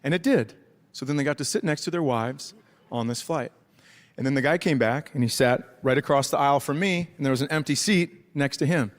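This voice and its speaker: A man's voice: medium pitch, fairly quick. A man doing a stand-up comedy set, telling a story with profane, incredulous asides and quoted voices. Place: theater stage before a live audience. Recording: live stage mic, crowd noise. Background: audience laughter.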